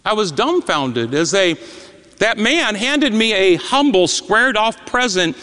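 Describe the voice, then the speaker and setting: High, bright-voiced preacher telling a story. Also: male voice, sing-song, unhurried, clear, resonant tone. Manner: emotional, with stammered repeats and dramatic swings between loud and hushed. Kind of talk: sermon storytelling. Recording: long reverb in a large hall.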